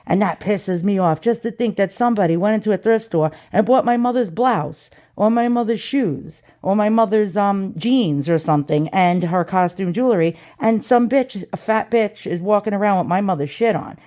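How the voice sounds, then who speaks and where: A middle-aged woman, ranting in a profane, rambling vlog with quick asides. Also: mid-range voice, dark tone. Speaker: vlogger.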